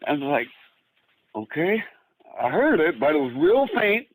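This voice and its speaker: A man's voice: fairly high pitch, sing-song, a little slow, slightly rough, no room sound, low-quality recording. This man from Northern Michigan is about sixty and speaks in a slightly raised register. He rambles through a casual story, stumbling over restarts and acting out what others said. The room sound is dry and close. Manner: rambling, full of restarts, acts out quoted speech. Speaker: guest.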